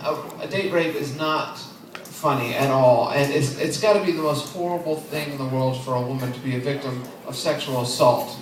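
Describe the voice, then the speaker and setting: A man in his twenties performing an open mic stand-up set, deadpan and self-deprecating, chuckling at his own jokes. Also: mid-range voice, normal speed, distant mic. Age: 20s. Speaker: stand-up comedian. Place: comedy club stage. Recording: echoey club heard from afar, crowd noise. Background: audience laughing.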